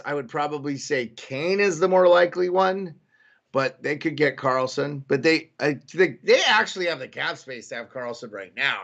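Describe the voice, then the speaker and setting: A man's voice: medium pitch, gravelly, a bit bright, lo-fi sound. A young man hosting a live stream, chatting casually with viewers and reacting to news as it comes in. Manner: casual, greets chat viewers by name, thinking aloud. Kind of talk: live chat commentary.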